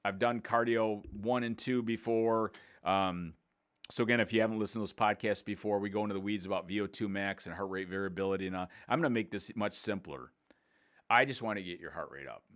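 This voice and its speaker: A man's voice: on the low side, a little fast, fairly bright tone, smooth. A man in his sixties, a fitness coach and podcast host, explaining exercises in a casual, upbeat, plain-spoken way. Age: 60s. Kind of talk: casual instructional podcast talk.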